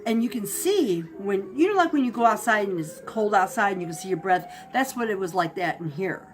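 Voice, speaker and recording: A woman telling a spooky personal story in a casual, animated way, acting out barks and shouts. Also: medium pitch, fairly quick, slight background noise. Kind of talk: casual spoken ghost story.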